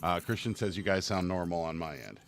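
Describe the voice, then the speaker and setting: A man's voice: low voice, lively intonation, a little fast, vocal fry, slight background noise. A man co-hosting a casual live stream, reading viewer comments aloud while troubleshooting the sound, with a Western Pennsylvania accent. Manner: reads viewer comments aloud, fiddles with audio settings. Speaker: co-host of a live reselling stream. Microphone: earbud microphone.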